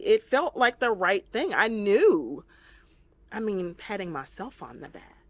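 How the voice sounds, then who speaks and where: A woman therapist guesting on an interview, talking earnestly and reflectively and sometimes acting out the voices she quotes. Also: a little high. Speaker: trauma-focused therapist, guest.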